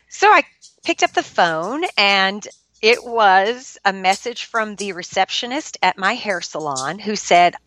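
A woman's voice: mid-range voice, lively intonation, moderate pace, a bit bright, no room sound. A middle-aged woman, a podcast guest, telling a personal story in an earnest, confessional and emotional way.

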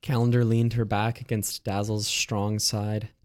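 A man's voice: lowish voice, little pitch movement, measured pace, a little mellow. A man co-hosting a comedy podcast, reading a parody romance aloud and chatting playfully, swearing casually. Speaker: podcast co-host.

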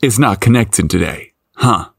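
A man's voice: on the low side, lively intonation, normal speed, vocal fry, no echo, clean studio sound. A man voicing a friendly young male cable repairman with a country accent, easygoing and helpful.

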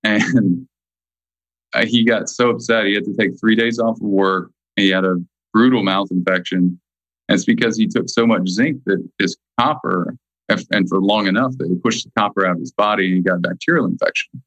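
A man speaking as a nutrition guest in a casual interview, emphatic and slowing down to stress key points. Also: on the low side, fairly bright tone, no room sound, rough recording.

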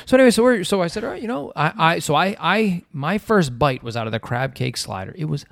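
A man, co-hosting a podcast and telling animated stories, teasing his wife and mimicking her. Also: on the high side, quick pace, gravelly, no echo, clean studio sound. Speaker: podcast co-host. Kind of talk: casual storytelling chat.

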